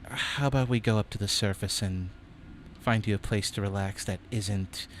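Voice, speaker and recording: A man voicing a caring, gentle young woman companion in a tabletop role-play, speaking softly and coaxingly. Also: lowish voice, moderate pace, background noise, lightly acted. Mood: concerned.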